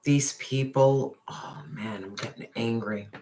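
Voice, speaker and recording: Against a noisy background, a mid-range voice moves at a slow pace through an intense tarot reading aimed at a viewer. The reader swears, addresses the listener in slang, and slips into a whisper on some phrases.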